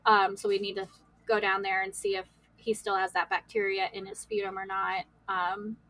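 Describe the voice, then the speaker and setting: A woman's voice: medium pitch, level tone, normal speed, pushed and bright, no echo, rough recording. A woman guest on a podcast, candidly telling her life story in a rambling way, with many "like"s and laughs. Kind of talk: emotional personal storytelling.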